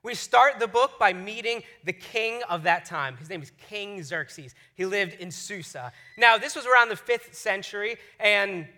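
A man's voice: high-pitched, a little slow, hardly any pauses. A man in his thirties preaching a casual, enthusiastic sermon as a pastor. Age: 30s. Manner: energetic, enthusiastic storytelling.

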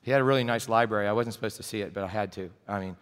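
A middle-aged pastor from New Jersey, US, preaches in a church sanctuary with a fairly low, clear, resonant voice, talking at a racing pace. He tells stories in a chatty, joking, conversational way, and the recording carries long hall reverb.

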